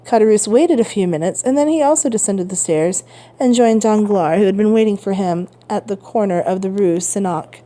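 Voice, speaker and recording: A woman reading a novel aloud as a steady, measured audiobook narration. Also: medium pitch. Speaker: reader.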